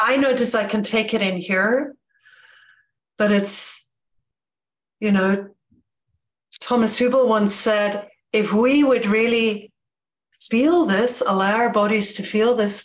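A woman guiding a reflective conversation, speaking gently and searching for words. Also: medium pitch, slow, pauses often.

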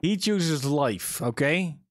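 Young male streamer, chatty and jokey, swears freely, very animated pitch. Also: slow pace. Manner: chatty, profane, jokey self-talk to viewers. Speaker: livestreamer. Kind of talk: casual gaming livestream chat.

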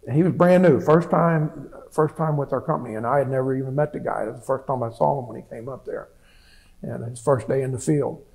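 A man's voice: mid-range voice, fairly quick, vocal fry, darkish tone, rough recording. A man in his seventies, a veteran giving an oral history interview, telling his story plainly with frequent restarts and repeated words. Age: 70s.

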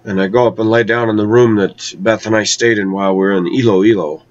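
A man with a lowish voice recounting a personal travel story in a chatty way. He stretches out words for emphasis. The recording sounds dull and lo-fi. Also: fairly even intonation. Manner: conversational, with slow, drawn-out emphasis.

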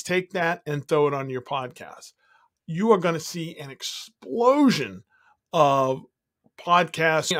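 A man with a somewhat high voice talks through a software demo in a loose, casual way. He is excited and chatty, and he thinks aloud between clicks. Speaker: tech tutorial host.

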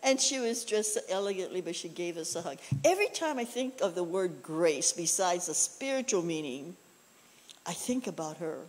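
A woman preacher delivering a relaxed, story-filled sermon in a church. Her voice trails off into a long, echoing reverb. She speaks in an easygoing, folksy way and often drops in "you know.". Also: fairly low pitch, moderate pace. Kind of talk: conversational sermon with personal stories.

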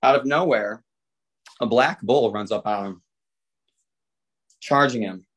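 A man's voice: mid-range voice, slow, a bit bright, breathy edge, dry recording, poor audio. A man appearing as a defendant over a video call, telling a long, meandering joke story full of fillers.

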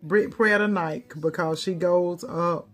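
A woman's voice: lowish voice, steady tone, slow, soft background music. A woman hosting a casual live stream, emotional and teary, laughing through tears as she speaks.

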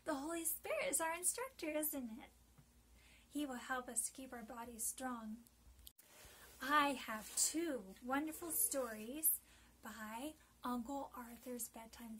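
A woman Sabbath School teacher reads a bedtime story to children. Her voice is high, and she tells the story slowly and gently, pressing hard on the dramatic moments. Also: slight background noise, low-quality recording.

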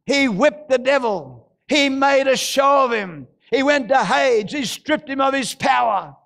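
A male pastor, preaching a fervent sermon that bursts into shouting. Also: very high-pitched, animated, a little slow, vocal fry. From Australia.

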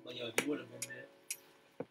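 A man live-streaming a video game from home, chatting casually with his viewers in an excitable, slangy way and swearing freely. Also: mid-range voice, a little slow, loud music behind the voice, low-quality recording. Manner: excitable and slangy, often saying "yo, bro" and swearing. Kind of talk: casual live-stream chat while gaming.

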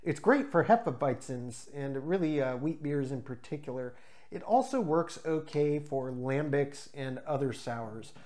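On his own channel, a beer reviewer tastes craft brews and chats about them without a script, leaning on frequent filler pauses. His mid-range voice is expressive and mellow.

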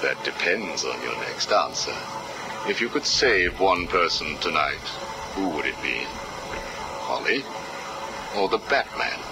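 A cold, calculating psychiatrist villain, a middle-aged man, interrogates someone in a game cutscene with a very low, slow voice and measured, menacing calm. His inflection stays lively, and background music runs under the scene.

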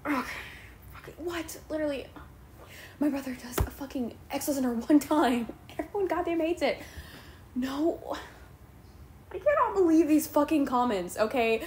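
A woman's voice: high voice, lively intonation, fairly quick, a little hiss or hum. A young woman ranting casually about comments, swearing freely and exasperated, before starting a take. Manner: profane, exasperated, laughing ranting. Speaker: creator. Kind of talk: casual rant before recording.

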